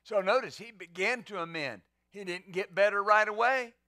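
Bright, high-voiced preaching pastor. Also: male voice, normal speed, dry recording, studio quality. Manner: emphatic preaching with rhetorical questions. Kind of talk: sermon.

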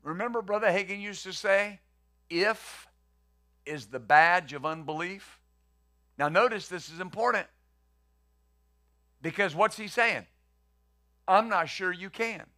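A man's voice: sits high, a little slow, long pauses, pushed and bright. A male pastor preaching a conversational sermon, acting out the quotes he reads and the questions he poses.

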